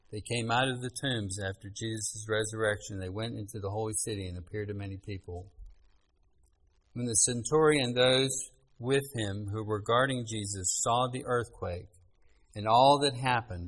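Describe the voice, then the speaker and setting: A man preaching a sermon, reading scripture aloud in an earnest, measured way with pauses. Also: on the low side, fairly bright tone, rough recording.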